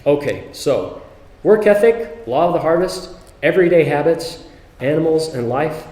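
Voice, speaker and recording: Male speaker, lively storytelling talk, slightly high voice, roomy hall sound. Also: normal speed. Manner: animated storyteller who acts out quotes. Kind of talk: recorded religious talk. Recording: echoey hall.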